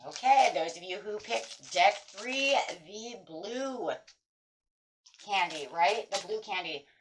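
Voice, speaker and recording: A woman's voice: medium pitch, lively intonation, takes it slowly, slight background noise. A middle-aged woman giving a chatty, casual tarot reading, breaking into anxious inner voices. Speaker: tarot reader.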